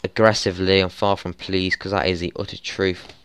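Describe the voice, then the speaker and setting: A young man with a smooth voice commentating his football management game, frustrated and swearing, with exasperated outbursts. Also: low voice, level tone, brisk, a bit bright. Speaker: gaming YouTuber.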